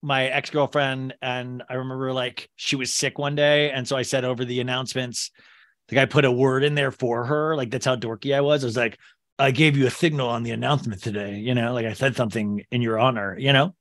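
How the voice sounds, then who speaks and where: Bright-voiced man, rambling podcast host. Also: mid-range voice, steady tone, fairly quick, no room sound, clean studio sound. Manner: rambling, laughing, self-mocking. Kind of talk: casual podcast chat.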